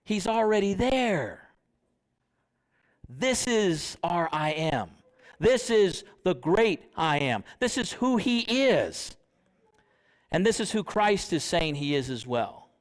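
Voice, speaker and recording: A man's voice: high voice, sing-song, slow pace. A young man preaching a sermon in church, conversational, often asking the congregation questions.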